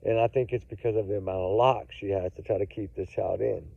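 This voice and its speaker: Speaking a little fast in a dark, gravelly, low-leaning voice with a steady tone, this man offers true crime commentary to his audience. He's emphatic and casual, says "y'all," and keeps repeating himself; the audio is tinny and phone-like, with no echo.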